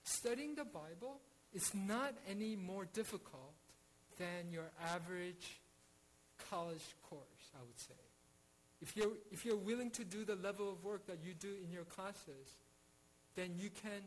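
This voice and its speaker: A man's voice: high voice, normal speed, a little hiss or hum, rough recording. A man teaching a Bible study in an earnest way, with frequent restarts and rhetorical questions.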